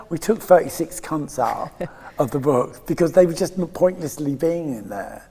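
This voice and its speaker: A man's voice: on the high side, moderate pace, mellow, breathy edge, long reverb tail. A man in his fifties from England, guest in a candid interview, talking in a rambling, emotional way with frequent laughs and restarts. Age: 50s.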